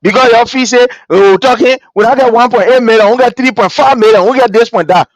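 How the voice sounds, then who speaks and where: A man with a Liberian English accent hosts a political commentary program, speaking very high and fast while mimicking the people he quotes in an animated, repetitive manner. The dry recording has its high frequencies cut off.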